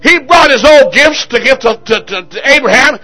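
High-pitched, shouting fervent preacher man. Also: animated, moderate pace. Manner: shouting, rousing call-and-response. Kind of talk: fervent sermon. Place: church service.

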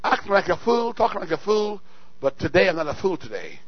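High-voiced preacher who shouts and repeats. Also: male voice, very animated, fairly quick, no echo, dull audio. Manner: swings from low asides to shouted exhortation, repeats words. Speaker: pastor. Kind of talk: sermon. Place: church sanctuary.

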